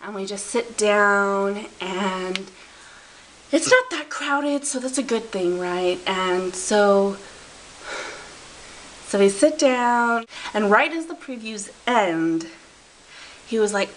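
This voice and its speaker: A woman's voice: mid-range voice, lively intonation, slow pace, long pauses, slight background noise, low-quality recording. A woman telling a comedic story to camera, rambling, interrupting herself and giggling as she loses track. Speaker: vlogger.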